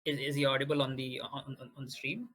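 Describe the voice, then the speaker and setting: Husky, halting male game master. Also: mid-range voice, little pitch movement, fairly bright tone, poor audio. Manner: halting, many restarts. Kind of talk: narrating a tabletop game.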